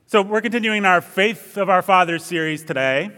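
A young man preaching as pastor in a church, praying and then telling a story in a relaxed, conversational way. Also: high-pitched, normal speed, long reverb tail. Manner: conversational, storytelling, self-deprecating asides. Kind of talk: sermon with opening prayer.

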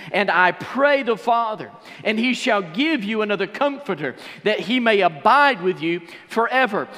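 A man preaching a sermon as pastor, swinging between shouted fervor and hushed, intimate stretches. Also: sits high. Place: church sanctuary. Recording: long church reverb.

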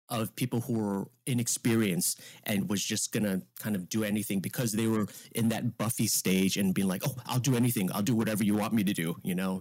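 A man's voice: on the low side, no echo. A man who acts, talking candidly as a guest in a casual interview, rambling and restarting as he tells stories. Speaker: actor guest.

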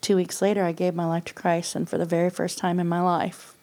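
With a darkish voice on the low side and little pitch movement, a middle-aged podcast guest tells her personal testimony a little fast. She's candid and casual, often laughing and acting out other people's words.

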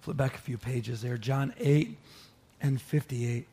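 A man preaching a sermon, teaching with animated emphasis and joking with his listeners. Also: medium pitch, measured pace, slightly rough. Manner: animated, rises sharply for emphasis, jokes with listeners. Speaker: pastor.

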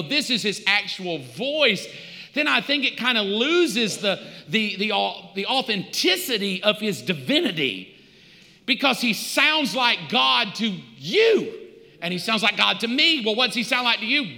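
A man's voice: high-pitched, pushed and bright, long reverb tail. A male pastor, preaching in a conversational, storytelling way with touches of humor. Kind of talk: sermon.

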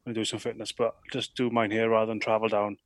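A rugby player from Wales answers questions in a relaxed, hesitant way, often pausing to think. His voice sits a touch low. The sound is dry and close. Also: no room sound. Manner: relaxed, hesitant with many ums. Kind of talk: interview answers.

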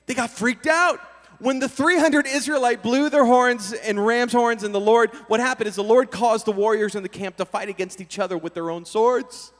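A man preaching a sermon as a lively story, energetic and full of casual slang. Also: very high voice, normal speed. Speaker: pastor. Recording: long hall reverb.

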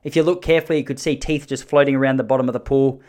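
A man's voice: medium pitch, steady tone, rapid-fire, darkish tone. Rambling Australian man in his thirties. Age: 30s. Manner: rambling, self-correcting, sheepish asides. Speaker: storyteller. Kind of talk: casual comic storytelling.

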